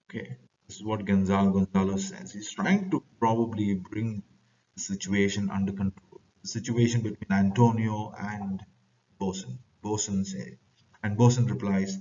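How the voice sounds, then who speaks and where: A man's voice: lowish voice, steady tone, moderate pace, dark tone. A man with an Indian accent teaching a class, reading lines from a play aloud and then explaining them in plain words. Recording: distant dull lo-fi recording.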